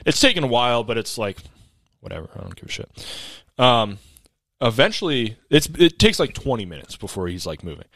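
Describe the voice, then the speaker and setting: A man's voice: medium pitch, very animated, brisk, fairly bright tone, no echo. A young man and podcast co-host telling a story in casual chat, laid-back, profane and rambling.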